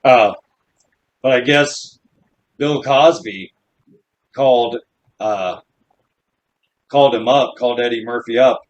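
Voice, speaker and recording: A man's voice: medium pitch, takes it slowly, pauses often, muffled recording, slight background noise. A man co-hosting a casual podcast chat, laid-back and cursing while he trades stories. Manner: laid-back, swearing, agreeable. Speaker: podcast co-host.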